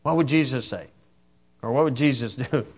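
A man's voice: medium pitch, normal speed, breathy edge. A man preaching a sermon in a folksy, wry way, reciting old-style scripture and poking fun at opponents.

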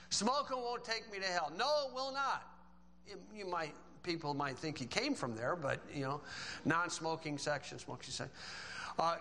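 A man's voice: sits high, sharp tone, in a large hall, rough recording. A man preaching a sermon in a folksy way, quoting scripture and joking with the congregation. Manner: folksy, joking asides between scripture quotes.

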